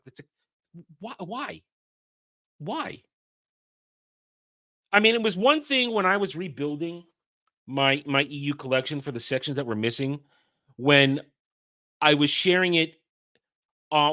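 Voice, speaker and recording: A man's voice: on the high side, lively intonation, normal speed, pushed and bright. A man hosting a livestream, ranting in a heated way with frequent stumbling restarts. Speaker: host.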